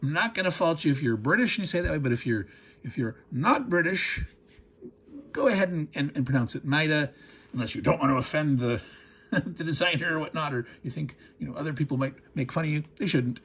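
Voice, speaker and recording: A man's voice: on the high side, lively intonation, brisk, a bit bright, breathy edge. A man hosting a board game unboxing, talking casually, wandering off into digressions and chuckling as he goes. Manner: rambling, digressive, chuckles often.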